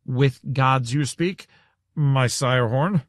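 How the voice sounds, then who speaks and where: A man's voice: medium pitch, slow pace, dry recording, clean studio sound, voice pushed up, lightly acted. A man reading an audiobook, voicing a portly, breathless older innkeeper who gasps and speaks in inverted word order. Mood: gasping. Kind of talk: audiobook character voice.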